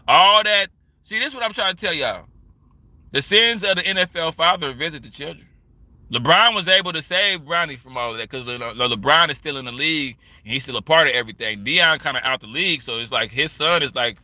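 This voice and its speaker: A man on a livestream rants in a sharp, cutting voice that sits a little high for a man. He is animated and profane, and he hammers each point home. The sound is dry and close, with no room around it. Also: no echo. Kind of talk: casual ranting commentary.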